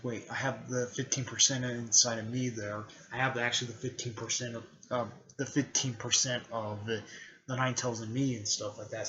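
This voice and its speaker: A man's voice: medium pitch, pushed and bright. A man recapping a story in a casual, rambling way, with loose phrasing and plenty of filler words. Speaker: video creator recapping a fan story. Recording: dull lo-fi recording.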